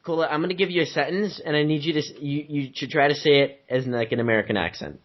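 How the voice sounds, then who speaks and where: A man's voice: on the high side, quick pace. A young man co-hosting a podcast in casual chat, playful and bossy. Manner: playful, bossy, laughs a lot. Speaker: podcast co-host. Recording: dull lo-fi mic sound.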